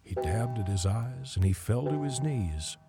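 A man giving sing-song, expressive rhyming storybook narration for an audio drama. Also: mid-range voice, measured pace, loud music behind the voice.

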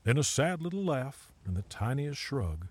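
A man giving sing-song, expressive rhyming storybook narration for an audio drama. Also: medium pitch, moderate pace.

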